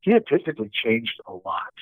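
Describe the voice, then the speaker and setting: A man telling stories from his career as a stunt coordinator, animated and acting out the dialogue he quotes. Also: mid-range voice, fairly quick, no room sound. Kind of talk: storytelling interview. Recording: dry, tinny phone-like line.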